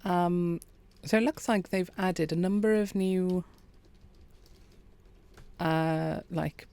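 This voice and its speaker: A woman, quietly commentating a farming game and chatting with her viewers. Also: on the low side, takes it slowly, smooth, dry recording. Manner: quiet, relaxed, chats with viewers. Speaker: streamer. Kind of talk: calm gameplay commentary.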